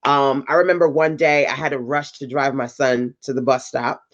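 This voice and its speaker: A woman's voice: extremely low pitch, fairly even intonation, moderate pace, highs cut off. A woman hosting a livestream, giving chatty motivational talk to entrepreneurs, laughing and asking her audience questions. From North Carolina. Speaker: host of a business livestream.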